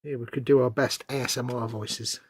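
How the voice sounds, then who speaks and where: A man's voice: medium pitch, fairly even intonation, brisk, slightly rough, no room sound. A sniffly man, co-hosting a live model-building stream, teasing his partner and reading out viewer comments. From England. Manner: teasing, playful banter, reads out viewer comments. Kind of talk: casual chat while building a model kit.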